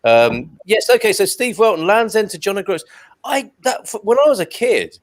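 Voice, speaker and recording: A man's voice: high voice, very animated, normal speed. Jokey man hosting a chat show. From Britain. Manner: jokey, reads out viewer comments. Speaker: host. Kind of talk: casual online chat show.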